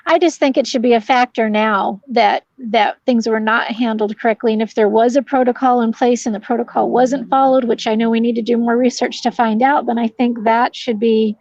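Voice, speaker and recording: High-voiced woman on dull lo-fi audio. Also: fairly even intonation, brisk, few pauses, darkish tone, no room sound. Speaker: guest. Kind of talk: live online chat.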